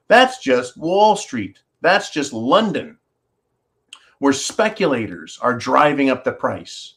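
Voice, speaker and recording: A man's voice: on the high side, a little slow. A man hosting an opinion show, ranting sarcastically and reading viewer comments aloud. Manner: animated, sarcastic ranting with mock-quoted voices. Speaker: host.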